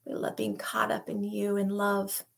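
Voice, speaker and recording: A woman leads a slow devotional prayer in a husky, breathy voice. Her tone is gravelly with fry. She often sinks into a hushed whisper. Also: mid-range voice, monotone. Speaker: podcast host.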